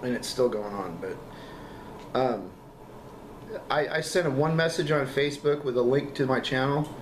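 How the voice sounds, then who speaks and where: A man giving a casual product review, talking in halting, enthusiastic bursts and coughing now and then from a lingering cough. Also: mid-range voice. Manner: halting, repeats words, enthusiastic. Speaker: vape juice reviewer. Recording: echoey room with background noise.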